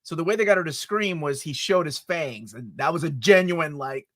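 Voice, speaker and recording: A man co-hosting a casual movie review chat, excitable and jokey as he gushes over favorite scenes. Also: fairly high pitch, moderate pace, no room sound, studio quality. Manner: excitable and jokey, quoting favorite lines with gusto.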